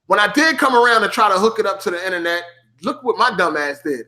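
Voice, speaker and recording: A man on a stream casually tells a gaming story packed with slang and cursing, acting out his younger self in a higher, excited voice.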